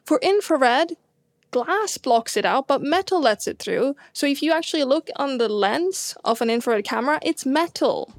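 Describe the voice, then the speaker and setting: A woman's voice: high voice, expressive, moderate pace, no room sound. Chatty woman astronomer, dry sound. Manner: chatty, many fillers and restarts, laughs often. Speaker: astronomer guest. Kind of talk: casual science chat.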